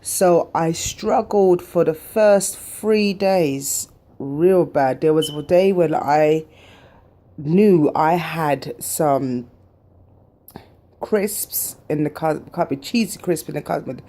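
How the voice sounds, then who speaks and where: A woman's voice: deep voice, takes it slowly, dark tone. A British woman vlogging and telling a personal story in an emphatic way, repeating phrases for stress.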